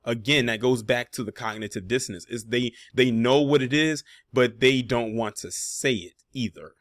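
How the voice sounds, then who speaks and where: A man's voice: medium pitch, normal speed, no echo, studio quality. A man hosting a reaction commentary video, talking casually and pointedly, with sarcastic asides and frequent fillers.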